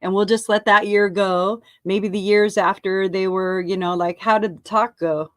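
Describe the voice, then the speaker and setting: A woman guiding a conversation in a calm, measured way, checking in with short questions. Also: mid-range voice, dry recording.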